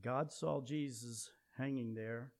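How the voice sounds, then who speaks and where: A man preaching a sermon, swinging between loud emphatic peaks and low quiet passages. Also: steady tone, slow pace.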